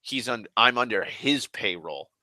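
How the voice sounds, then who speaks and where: Male ranter, forceful voice, dry sound, furious and foul-mouthed storytelling. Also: on the low side, lively intonation, dry recording. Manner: angry, heavily profane ranting; dramatic pauses and repetition. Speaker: online ranter. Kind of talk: casual storytelling rant.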